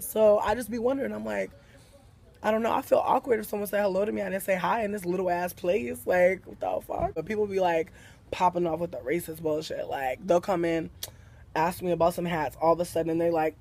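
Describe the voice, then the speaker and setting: A man who works in a hat shop, ranting in a casual way about customers with sassy, profane, animated storytelling and mock quotes. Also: high-pitched, brisk, creaky. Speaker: hat shop retail worker. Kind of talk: casual rant to camera.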